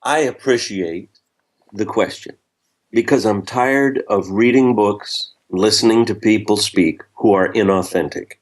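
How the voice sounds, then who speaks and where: An older man, a guest speaker in a podcast interview, telling stories with humor and acting out lively quotes. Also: fairly low pitch, a little slow. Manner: storytelling with lively voiced quotes; self-deprecating humor.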